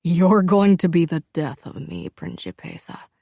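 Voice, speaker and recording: A woman reading the part of a calm, commanding young man in a low, hushed voice for an audiobook. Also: unhurried, vocal fry, no room sound, clean studio sound, heavily acted. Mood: low intimate.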